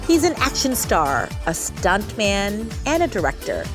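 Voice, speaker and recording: A woman's voice: medium pitch, very animated, a little slow, music in the background. A woman hosting a TV talk show, chatty and playful as she interviews a guest. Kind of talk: broadcast interview.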